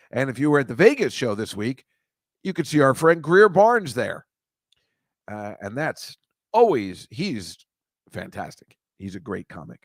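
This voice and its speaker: A man's voice: mid-range voice, no room sound, clean studio sound. A man hosting a casual comedy chat show, rambling and self-deprecating, stammering and restarting as he goes. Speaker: host.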